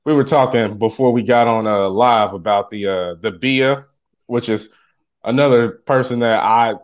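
A man's voice: medium pitch, normal speed. Laid-back male co-host, muffled sound. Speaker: podcast co-host. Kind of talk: casual podcast chat.

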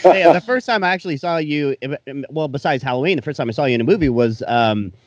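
A man's voice: on the high side, lively intonation, fast, dry recording, highs cut off. A man hosting a casual chat, enthusiastic and swearing casually. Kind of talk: casual conversation.

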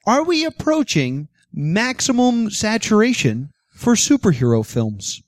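Jokey podcast host, slightly high voice. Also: male voice, very animated, no echo. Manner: jokey, quick banter. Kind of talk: casual comedy podcast chat. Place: live recording at a mall venue.

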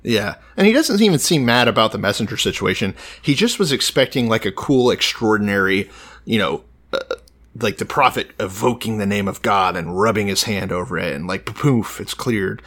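Laid-back low-voiced podcast guy, reads stuff out loud. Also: expressive, moderate pace. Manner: easygoing, reads passages aloud. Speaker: podcast co-host. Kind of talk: casual podcast chat.

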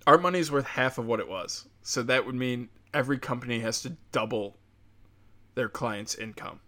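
A male commentator tears through a casual political rant packed with profanity and biting sarcasm. His everyday mid-pitched voice has a fairly bright tone, and he sounds like he's venting to friends, not reading a script.

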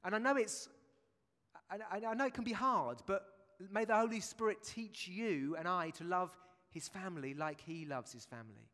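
A man's voice: high voice, moderate pace, bright, forceful tone. A man preaching a sermon in a church, chatty and jokey, with asides to the congregation. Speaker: pastor. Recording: long church reverb.

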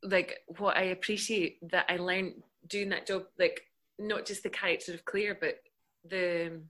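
Bright-voiced woman on a video call. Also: on the low side, level tone, unhurried. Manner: chatty, thoughtful, laughs easily. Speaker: guest actress. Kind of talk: casual video-call interview.

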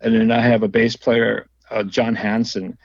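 A man's voice: on the low side, flat delivery, normal speed, dry recording, dull audio. A man telling rambling stories as a music interview guest, with frequent laughs and restarts. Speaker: guest musician and label owner. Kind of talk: casual storytelling interview.

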